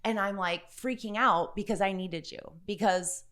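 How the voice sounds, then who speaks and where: A woman in casual podcast chat, telling a story in an animated, blunt way, laughing often. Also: mid-range voice, moderate pace. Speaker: podcast guest.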